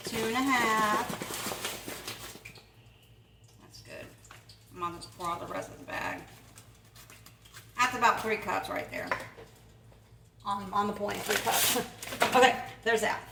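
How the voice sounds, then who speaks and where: A woman's voice: medium pitch, very animated, unhurried, vocal fry, pauses often. Lady rambling through a cooking vlog, laughs a lot, faint hiss, kinda far from the mic. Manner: chatty and rambling, laughs often. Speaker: home cook and channel host. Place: home kitchen. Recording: echoey room, voice off-mic, faint noise.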